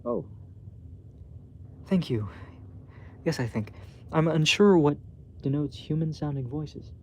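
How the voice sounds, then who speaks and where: A man reading aloud, voicing a gentle, sincere male artificial intelligence who speaks in an earnest, formal and literal way, in a dull home recording. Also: fairly high pitch, expressive, slow pace, slight background noise, voice pushed up.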